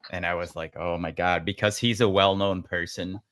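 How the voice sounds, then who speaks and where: Host, male, low and bright voice, dry close sound, nitpicky casual talker. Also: steady tone, normal speed, no echo. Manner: pedantic about pronunciation, rambling with many restarts. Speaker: podcast host. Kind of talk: casual chat.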